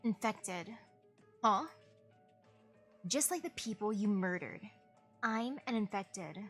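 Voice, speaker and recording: A woman's voice: mid-range voice, animated, slow pace, faint music behind. Woman reading as a stern accusing young woman. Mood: grim.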